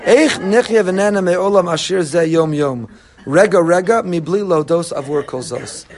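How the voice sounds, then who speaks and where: A man's voice: high voice, moderate pace. A man giving an impassioned Torah sermon, repeating phrases for emphasis and weaving in Hebrew terms. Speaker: rabbi giving a Torah talk.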